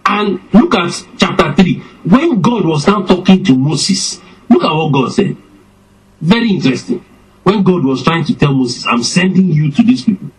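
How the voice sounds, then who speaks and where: A man preaching a sermon, slow and emphatic, his voice swinging up and down for effect. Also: high-pitched, sing-song, husky, poor audio.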